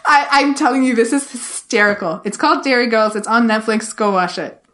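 A woman's voice: a little high, fairly quick, a bit bright. A woman co-hosting a podcast, chatting casually and enthusiastically, with "like" in almost every phrase. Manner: enthusiastic, constant "like" fillers. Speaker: podcast co-host. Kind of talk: casual chat.

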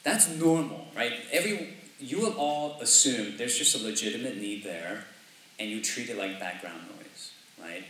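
A man's voice: mid-range voice, normal speed, a bit bright, heavy reverb, far from the mic, slight background noise, low-quality recording. A man preaching a sermon as pastor, in a conversational way, often asking "right?" and laughing lightly. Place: church sanctuary.

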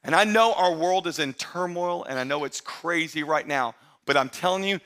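A man pastor preaching a lively, conversational sermon that swings from loud shouted bursts to quiet asides, recorded in a church. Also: a little high, moderate pace.

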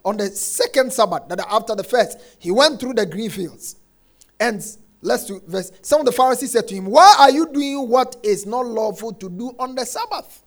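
Emphatic high-voiced preacher man. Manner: emphatic, repeats phrases, swings between soft and shouted lines; quotes scripture, acts out congregants' complaints. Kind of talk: sermon.

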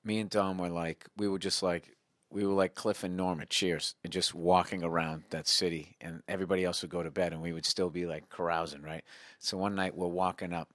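A man who is a guest comedian, telling a profane anecdote in a casual, animated podcast chat. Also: sits low, brisk, dry recording, studio quality.

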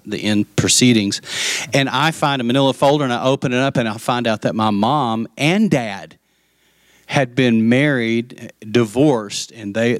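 A man's voice: on the low side, no echo. Pastor, middle-aged man, candid storytelling sermon, dry close sound. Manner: candid storytelling, acts out quoted voices.

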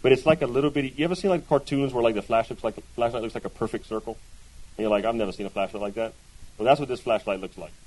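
A man teaching a Bible class to a group. He talks in a loose, conversational way, asks his listeners questions and keeps checking in with a quick "right?". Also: medium pitch, a little mellow, slightly rough, rough recording.

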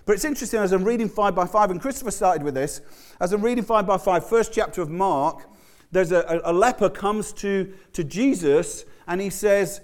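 A man's voice: high-pitched, fairly quick. A man preaching a sermon in a loose, conversational way, often stumbling and restarting words as he tells the story. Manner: conversational, animated, stammering restarts. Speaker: pastor.

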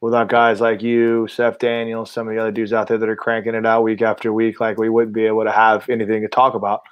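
A man's voice: lowish voice, completely flat delivery, fast, clean tone, highs cut off. A man co-hosting a podcast, chatting in an easygoing way and laughing along with the others. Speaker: podcast co-host. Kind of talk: casual podcast chat.

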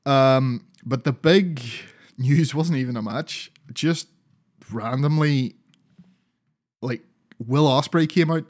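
A man's voice: medium pitch, takes it slowly, long pauses, a little mellow. A man co-hosting a podcast, chatting casually about wrestling, rambling, swearing often and laughing a lot. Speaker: podcast co-host.

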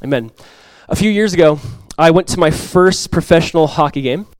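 A young man from Southern California preaching a sermon, telling stories in an animated, conversational way with many fillers. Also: a little high, a little fast, dry recording. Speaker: pastor. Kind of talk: sermon with prayer and storytelling.

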